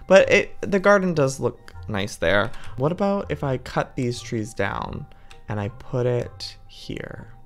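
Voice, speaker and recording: A man's voice: mid-range voice, very animated, takes it slowly, soft background music. A man hosting a gaming video, chatting to viewers in a playful, dramatic way as he plays. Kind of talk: Minecraft let's-play commentary.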